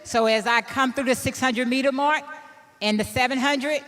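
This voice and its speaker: A woman's voice: high voice, moderate pace. Woman in her fifties telling a story in a hall. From Illinois, USA. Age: 50s. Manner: animated, personal, laughs at own story. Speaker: keynote speaker. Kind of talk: motivational storytelling speech.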